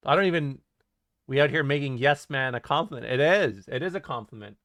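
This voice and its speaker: A medium-pitched man talks fairly quickly and fairly brightly, with no echo. He's livestreaming, reading chat out loud and joking around, profane and often laughing.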